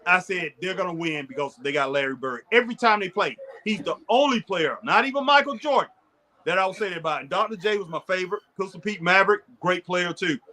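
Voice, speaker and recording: Bright, high-voiced man reminiscing about basketball. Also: fast. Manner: excitable, reminiscing, laughs often. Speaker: podcast co-host. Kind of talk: casual sports chat.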